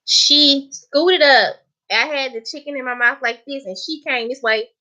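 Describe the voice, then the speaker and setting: A woman's voice: high voice, a little slow, sharp tone. A young woman with a Southern US accent hosts a cooking channel, chatting on a live stream in a playful, emphatic way and laughing often. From Southern United States. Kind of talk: casual live-stream chat. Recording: dull lo-fi live-stream audio.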